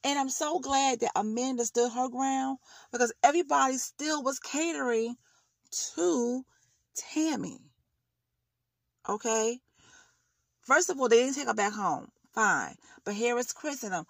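A woman's voice: high-pitched, unhurried, vocal fry, no echo. A woman vlogger giving blunt, heated commentary on a reality show, ranting in casual slang.

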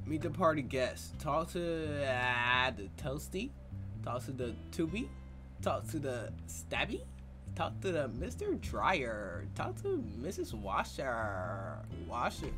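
A man giving excitable, joking gameplay commentary full of slang. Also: a little high, slow pace, music in the background. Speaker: gaming youtuber. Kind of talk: let's play commentary.

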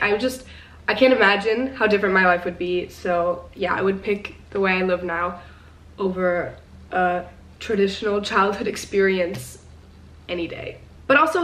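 A woman's voice: mid-range voice, fairly bright tone. A teenage girl chatting casually to her viewers in a rambling, filler-heavy way. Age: teens. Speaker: vlogger. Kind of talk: casual vlog chat to viewers. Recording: roomy sound, some distance from the mic.

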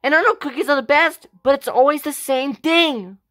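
A woman's voice: high voice, moderate pace, bright, forceful tone, faint music behind. Carlene, a woman playing a whiny begging daughter. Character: pleading, sulky adopted daughter, young woman. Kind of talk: amateur home-made family drama.

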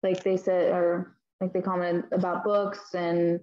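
Slow, hesitant female student. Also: on the low side, flat delivery, warm tone, muffled recording, a little hiss or hum. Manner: hesitant, asking questions with fillers.

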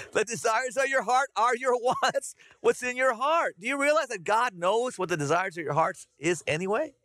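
A middle-aged man preaching a conversational, animated sermon to his congregation. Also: very high-pitched, normal speed, no room sound, studio quality. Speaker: pastor. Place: church sanctuary.

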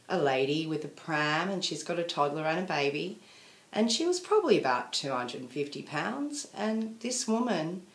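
A woman's voice: medium pitch, a bit bright. Aussie lady venting on her video diary, kinda rambly and sorry about it, echoey room. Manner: emotional venting, rambling and apologetic. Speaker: vlogger. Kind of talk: casual confessional video diary.

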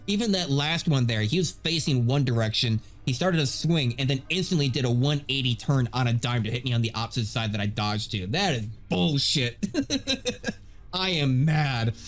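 A man giving gameplay commentary as a video host, animated and ranting. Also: mid-range voice, moderate pace. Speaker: gaming YouTuber.

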